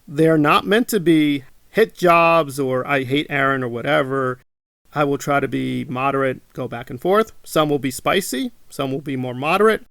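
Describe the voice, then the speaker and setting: Indignant man with a gravelly voice. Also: medium pitch, moderate pace, a bit bright, no room sound. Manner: indignant, repeats himself, mocks his critics in quotes. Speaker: channel host. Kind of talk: monologue to camera.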